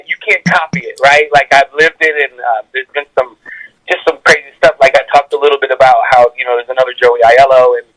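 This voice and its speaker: A male comedian telling stories in an interview, energetic and animated, often laughing as he talks. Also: medium pitch, fairly quick, poor audio. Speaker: comedian guest. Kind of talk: animated storytelling.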